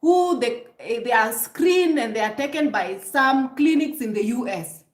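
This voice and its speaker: A woman's voice: a little high, animated, a little slow, reverberant. A woman vlogger giving emphatic, preachy relationship advice straight to her viewers, prodding them with rhetorical questions. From Kenya. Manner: emphatic, preachy, rhetorical "hmm?" prompts, frequent restarts. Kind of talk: direct-to-camera advice monologue.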